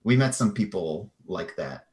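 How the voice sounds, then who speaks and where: Man voicing a small female kobold, nervous, quiet, hesitant, low-pitched. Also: sing-song, a little slow. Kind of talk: tabletop game role-play.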